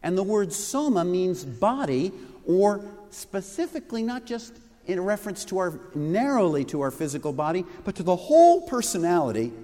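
A man's voice: high-pitched, dark tone. A male pastor preaching a sermon, teaching with rhetorical questions. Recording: reverberant hall recording.

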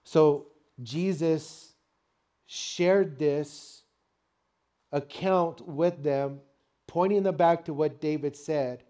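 An older man delivers a sermon with a fairly high, mellow voice. He preaches in an animated, storytelling way, calling out to the congregation and pausing for their answers. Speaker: pastor.

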